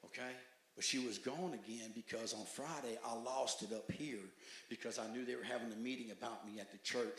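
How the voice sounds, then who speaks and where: A man tells his personal testimony to a church group with a bright, forceful voice. His telling is emphatic, rising to loud bursts and dropping to hushed passages. The sound carries a roomy echo from a church meeting hall. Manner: emphatic storytelling, swings between loud outbursts and hushed low stretches. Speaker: testimony speaker at a recovery meeting.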